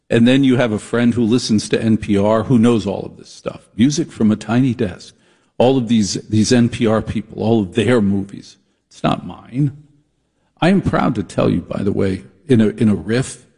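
A man's voice: mid-range voice, gravelly, warm tone, slightly rough. A man hosting a talk radio show, riffing sarcastically in a comedic monologue. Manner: riffing, sarcastic, puts on mocking voices.

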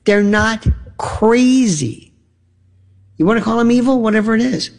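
A male radio talk host in an opinionated monologue, rhetorical and animated, acting out imagined back-and-forth dialogue. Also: sits high, measured pace.

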